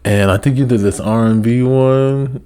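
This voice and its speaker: A man's voice: medium pitch, fairly even intonation, normal speed, a loud crowd. A young man in casual podcast chat, rambling and loose, who swears easily and also freestyle raps. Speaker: guest rapper.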